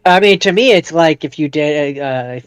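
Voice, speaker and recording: Smooth-voiced male podcast co-host. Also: a little high, animated, moderate pace, dry recording. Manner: hedging, lots of "I mean" and "I don't know". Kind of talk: casual chat.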